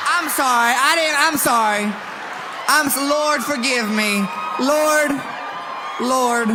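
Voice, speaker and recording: A male stand-up comedian doing brash, teasing crowd work, often shouting his punchlines. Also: very high voice. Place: comedy venue with a live audience. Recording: live stage mic, loud crowd noise.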